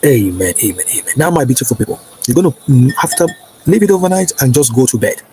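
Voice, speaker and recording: A man giving a spiritual teaching, coaxing listeners with repeated "okay" and "right" and slowing into declarative prayers. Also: medium pitch, very animated, dark tone, slight background noise, rough recording. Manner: slow, declarative prayer lines. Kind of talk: instructional preaching to camera.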